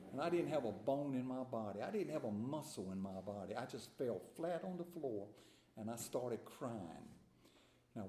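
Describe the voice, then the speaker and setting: An older man with a medium-pitched, warm voice gives an earnest, emphatic personal testimony at a recovery meeting, often repeating words. He addresses an audience in a large meeting room, recorded in an echoey hall with faint room noise.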